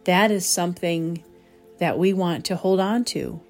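A woman hosting a reflective spoken talk as a medium, gentle and pausing to search for the right words. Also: on the low side, soft background music. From southern New England. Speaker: psychic medium, host.

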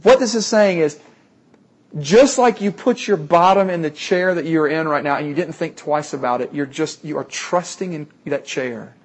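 An earnest male preacher, his voice sitting a touch high for a man. He drives his points home by repeating phrases and leaning hard on key words. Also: normal speed. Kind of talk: sermon.

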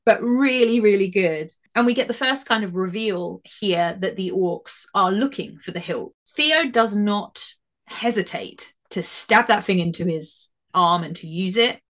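A chatty woman at mid pitch talks through a TV episode with her co-host in a relaxed podcast conversation. She is animated and quick to laugh, and she often restarts her sentences. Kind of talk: casual episode review chat.

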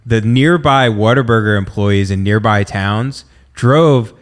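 A man from the American South hosting a casual podcast chat, speaking in a relaxed, hesitant way with frequent fillers. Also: on the low side, unhurried. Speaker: podcast host.

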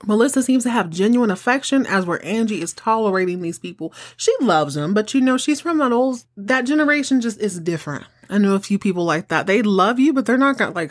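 A woman hosting a casual recap, chatty and sassy with wry asides. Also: medium pitch. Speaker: podcast host. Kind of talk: casual soap opera recap.

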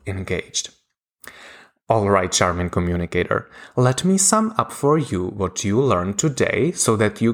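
A man with a lowish voice narrates a scripted lesson like a communication coach. He talks slowly and deliberately, pausing between points. His pitch moves a lot from phrase to phrase. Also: a bit bright.

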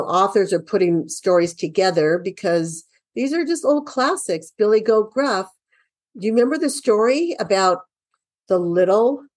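A woman in her fifties with a mid-range voice, recorded with no room sound, is a parent teaching early reading. She works through a children's reading workbook in an enthusiastic, encouraging lesson.

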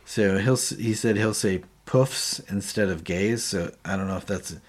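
A man's voice: lowish voice, moderate pace. A man co-hosting a podcast, chatting casually and retelling TV scenes in detail. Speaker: podcast co-host. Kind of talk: casual recap chat.

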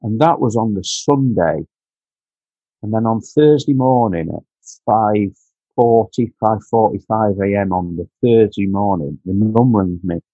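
A man telling an emotional personal story in a halting way, repeating words and growing quiet and choked at times. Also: fairly low pitch, no echo. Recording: dull lo-fi dry sound.

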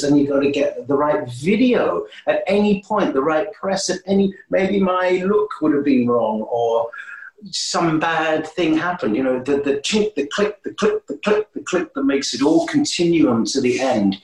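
A man guesting on an interview, telling stories in a lively, animated way with many restarts. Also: normal speed. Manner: animated, swooping pitch, frequent restarts. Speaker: guest musician. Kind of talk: casual interview storytelling. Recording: roomy echo.

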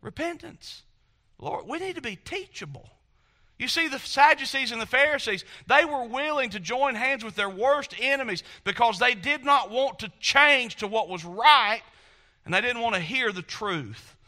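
Man, preacher, sermon, high voice, very bright tone, impassioned, repetitive. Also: animated, moderate pace.

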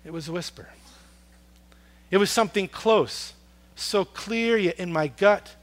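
Man, pastor, sermon, fairly high voice, earnest storytelling, big loud-to-soft swings. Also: unhurried. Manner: dramatic swings in loudness, dropping to a hush on soft words.

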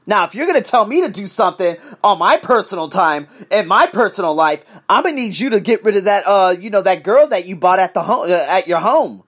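A man's voice: high-pitched, lively intonation, a little fast, few pauses, a bit bright. A man hosting his own podcast, ranting in a profane, emphatic solo monologue. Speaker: podcast host.

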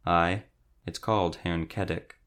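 A man's voice: low-pitched, steady tone, measured pace, a bit bright, pitched below the performer's own voice. A man reading an audiobook, voicing a reserved male monster hunter who speaks tersely. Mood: gruff.

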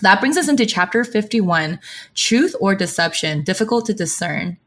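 A woman recaps chapters of a novel in a relaxed podcast chat. Her voice sits at a middle pitch, and her delivery is animated, with dramatic asides and quoted dialogue read out with flair. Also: normal speed. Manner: animated storytelling, adds dramatic sound effects. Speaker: podcast co-host. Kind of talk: casual book recap.

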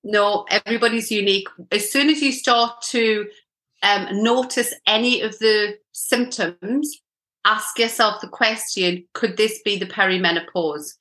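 Bright, straight-talking woman coach. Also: mid-range voice, measured pace. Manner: straight-talking, explains with repeated "okay?" checks. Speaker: menopause coach, guest. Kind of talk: podcast interview.

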